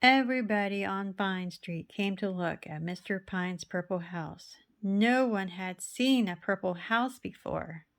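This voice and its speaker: A woman's voice: mid-range voice, a little slow, hardly any pauses. A woman reading a children's picture book aloud, rhythmic and playful with sound words. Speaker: storybook reader.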